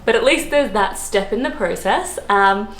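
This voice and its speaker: A woman's voice: mid-range voice, moderate pace, a bit bright, slight background noise. Chatty Australian woman in an echoey room. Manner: chatty, rambling, laughs often, lots of ums and likes. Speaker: vlogger. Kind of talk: casual chat to camera. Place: room, lived in London.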